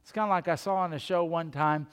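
A man's voice: a little high, fast talker, smooth, big-room sound. A man preaching a sermon as pastor, telling stories in a folksy, conversational way. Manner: folksy storytelling with asides.

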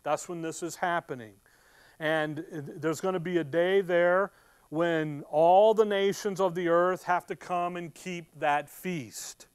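A man preaching a sermon, teaching verse by verse and acting out scenes in quick, animated bursts. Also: fairly high pitch, smooth, no room sound.

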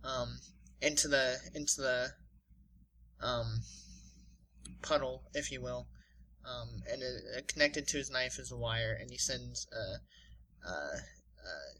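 A man's voice: mid-range voice, slow pace, pauses often, sharp tone, a little hiss or hum, rough recording. A man co-hosting a podcast, casually narrating an imagined fight with many fillers and restarts. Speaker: podcast co-host.

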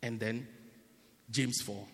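A man preaching a sermon as a bishop. He swings from shouting to near-whispering and teases the congregation. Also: mid-range voice, steady tone, slow, breathy edge. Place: church hall. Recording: long hall reverb.

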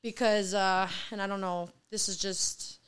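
A woman's voice: medium pitch, fairly even intonation, measured pace, clear, resonant tone. A woman in her twenties talking as a guest in a casual conversation, telling stories with lots of "like". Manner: chatty storyteller, fills with "like".

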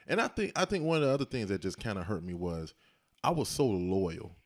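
Low-voiced man telling a lively story. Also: fairly quick. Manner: animated storyteller acting out quoted voices. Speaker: husband telling his story. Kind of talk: casual conversation.

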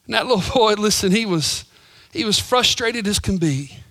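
High-voiced dramatic preacher man. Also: expressive, moderate pace, no room sound. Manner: dramatic, swings from loud emphasis to whispers; storytelling with voices. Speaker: pastor. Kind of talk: sermon.

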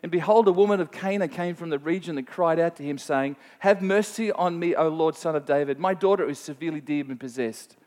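A man preaching a sermon, retelling a scripture story in a conversational, animated way and speaking directly to his listeners. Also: on the high side, a little fast, hardly any pauses. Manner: animated storytelling, voice rising sharply when quoting scripture; conversational, plain-spoken teaching with asides to listeners.

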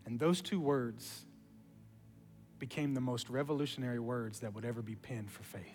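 A man preaching a sermon, telling the story in an animated way and dropping to a hush for emphasis. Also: mid-range voice, moderate pace, in a large hall, soft background music. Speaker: pastor.

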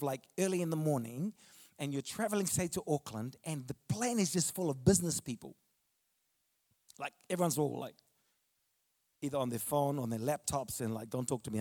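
A pastor delivers a sermon from the pulpit. His voice sits somewhat high for a man. He mixes relaxed, anecdotal chat with strong, declarative preaching. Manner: conversational storytelling, rising to emphatic preaching.

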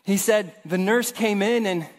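Bright-voiced young preacher in a reverberant hall. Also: male voice, sits high, unhurried. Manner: storytelling, acts out voices, humorous asides. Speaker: pastor. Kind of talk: sermon. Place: church hall.

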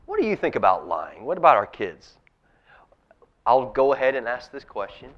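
A man's voice: mid-range voice, big pitch swings, normal speed, muffled recording. A man, a pastor, giving a children's talk in a church service, telling a story and asking the kids questions. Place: church sanctuary.

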